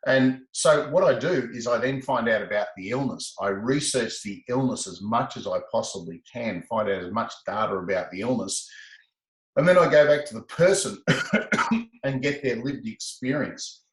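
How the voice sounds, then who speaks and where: A man, a laughter specialist being interviewed, telling stories in an animated way and acting out the voices in quoted exchanges. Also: moderate pace, reverberant, low-quality recording. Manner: expressive, acts out quoted exchanges with rising pitch. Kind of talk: animated conversational storytelling.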